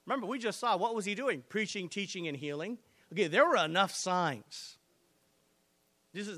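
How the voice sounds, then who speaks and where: A man's voice: high-pitched, animated, a little fast, bright, forceful tone. A man preaching a sermon with energy and emphasis, reading scripture and putting direct questions to his listeners. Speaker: pastor.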